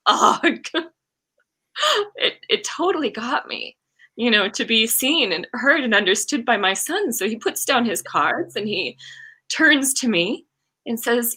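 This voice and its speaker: A woman's voice: fairly high pitch, pushed and bright. A woman in her forties, a coach, telling a heartfelt personal story in an interview and acting out the quoted lines. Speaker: guest, coach and card game creator.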